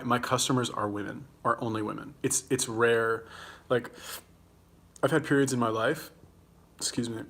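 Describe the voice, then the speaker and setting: A man's voice: mid-range voice, a bit bright. A young man with a Los Angeles accent hosting a casual livestream, rambling and swearing as he answers viewer comments while eating. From California. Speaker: livestream host.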